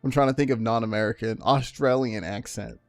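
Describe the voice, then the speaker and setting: A man's voice: medium pitch, fairly quick, no room sound, soft background music. Rambling, chatty male streamer. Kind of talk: casual gameplay commentary.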